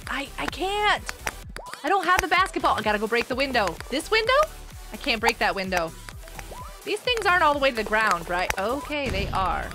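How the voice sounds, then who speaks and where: A young woman chatting excitedly with viewers as she streams a game. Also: sits high. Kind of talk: live gameplay commentary. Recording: game music behind. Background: game music.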